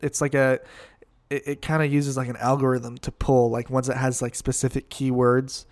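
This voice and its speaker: A man's voice: medium pitch, little pitch movement, normal speed, a little mellow, dry recording. A man co-hosting a casual podcast, explaining in a rambling way with lots of fillers and laughs. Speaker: band teacher and podcast co-host. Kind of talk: casual chat.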